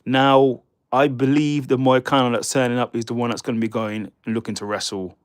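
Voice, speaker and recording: A man's voice: medium pitch, little pitch movement, a little fast, clean tone, no room sound, clean studio sound. A man from the United Kingdom, hosting a casual live stream, rambling and stumbling over names while chatting with viewers. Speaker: livestream host.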